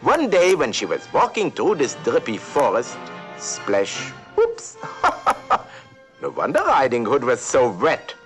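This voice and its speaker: Over soft background music, a man with a medium-pitched, fairly bright, exaggerated voice swoops wildly in pitch while speaking slowly. Acting as an eccentric old male duck professor, he playfully rambles, giggles and corrects himself while telling a storybook tale for a talking toy.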